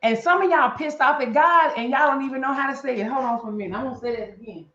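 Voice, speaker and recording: A woman's voice: high voice, quick pace, fairly bright tone. A middle-aged woman talks about grief with blunt, preacher-like emphasis, circling back to repeat her key points. Her voice carries a roomy echo. The live-stream audio sounds a little dull. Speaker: guest on live chat show. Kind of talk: impassioned talk on grief.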